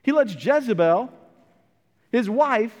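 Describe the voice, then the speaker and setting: A man's voice: extremely high pitch, animated, slow, big-room sound. A male preacher giving a conversational sermon and retelling a story, often repeating words as he goes.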